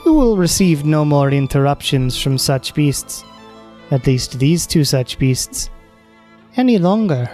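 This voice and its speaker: A man voicing a towering, long-fingered fey woman who speaks with calm, slow menace in a tabletop game. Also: fairly high pitch, soft background music. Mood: coolly dismissive. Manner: calm, measured, slow drawn-out threats. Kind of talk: tabletop game role-play.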